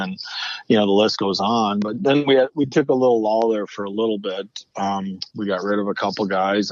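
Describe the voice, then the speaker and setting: A man's voice: lowish voice, no room sound. A man telling stories on a podcast, looping back and restarting mid-sentence with a casual, salty edge. His voice comes through slightly muffled and lo-fi. The sound is dry, with no room around it. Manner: rambling with frequent restarts and swearing. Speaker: guest, former hockey player. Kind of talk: casual storytelling interview. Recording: muffled lo-fi remote audio.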